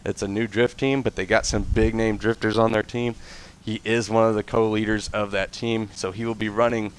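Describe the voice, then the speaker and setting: Man, slightly nasal, congested, lowish smooth voice, chatty rambling livestream host. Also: flat delivery, normal speed. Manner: rambling, chatty, frequent fillers and self-corrections. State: congested from a cold. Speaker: league host and event coordinator. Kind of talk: casual livestream announcements.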